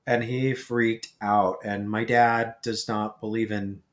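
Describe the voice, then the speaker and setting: A man chatting as a podcast guest, telling a story in a lively way and acting out the lines of the people in it. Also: fairly low pitch, slow. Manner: animated storyteller who acts out quoted lines.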